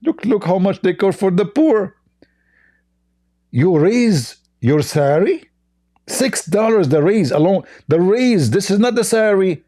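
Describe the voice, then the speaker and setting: A man's voice: sits high, sing-song, unhurried, warm tone. A man giving sarcastic reaction commentary on clips, mocking and scornful, rambling with broken grammar.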